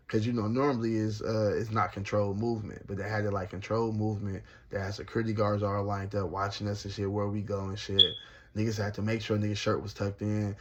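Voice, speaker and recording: A man telling a casual story about his time in prison, slangy and animated, laughing often. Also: lowish voice.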